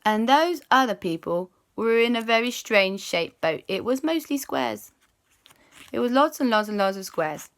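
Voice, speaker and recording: A woman's voice: on the high side, animated. A woman improvising a children's story as its host, chatty and playful. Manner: playful, chatty, with drawn-out hums.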